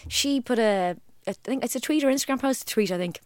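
A woman's voice: on the high side, no echo. A woman in her thirties hosting a podcast, teasing her co-host and piling up examples in casual chat. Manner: teasing, quick-witted, runs lists of examples.

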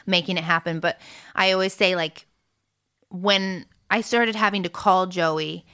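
A woman's voice: lowish voice, bright, forceful tone, clean tone. An American woman musician talking casually in an interview, chatty and full of fillers, laughing often. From United States. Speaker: musician guest.

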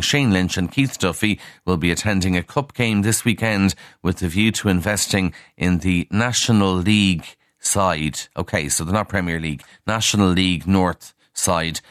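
A man's voice: deep voice, a bit bright, dry recording, clean studio sound. A man presenting a casual radio newspaper review, talking frankly with fillers and personal asides. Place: radio studio.

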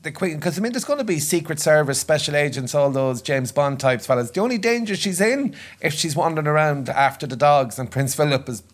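Bantering man, higher and lively. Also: fairly quick, few pauses. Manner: wry, bantering. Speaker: podcast panelist. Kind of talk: casual chat.

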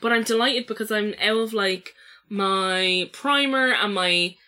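Bright, chatty woman. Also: medium pitch, measured pace. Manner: chatty, laughing, easygoing. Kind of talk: casual chat.

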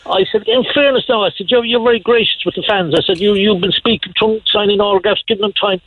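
A man's voice: high-pitched, fast, dry recording, narrow, tinny audio. A man calling in to a radio show, rambling through anecdotes with lots of restarts and chuckles. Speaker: caller. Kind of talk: casual anecdotes on a radio phone-in.

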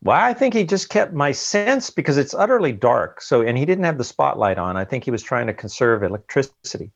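A man as an interview guest, recounting an ordeal in an earnest, halting way and often repeating words, heard over a dull remote line. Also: mid-range voice, very animated, creaky, no room sound. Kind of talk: emotional interview account.

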